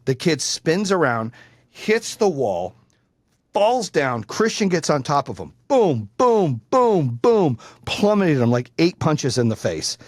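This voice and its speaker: A man in his forties hosting a podcast, telling stories in a casual, profane, animated way. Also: medium pitch, no room sound, studio quality. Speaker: podcast host. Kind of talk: casual chat.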